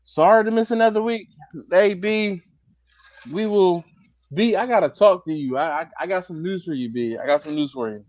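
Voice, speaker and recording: A man's voice: sits high, moderate pace, no echo, muffled recording. A man hosting a casual live stream chat, telling stories with a lot of laughter and acting out the quotes. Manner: animated storyteller, laughs often, acts out quotes. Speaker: livestream host.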